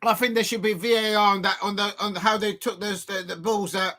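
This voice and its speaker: Excitable man reacting live, bright tone. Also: high voice, a little fast. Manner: excitable, swings from joking to despairing outbursts. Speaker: football fan channel host. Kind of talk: live watch-along reaction.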